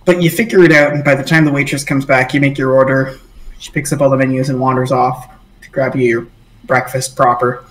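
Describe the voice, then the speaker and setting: A man's voice: mid-range voice, little pitch movement, a little fast, a bit bright, roomy sound, poor audio. A man narrating as game master, rambling with many fillers.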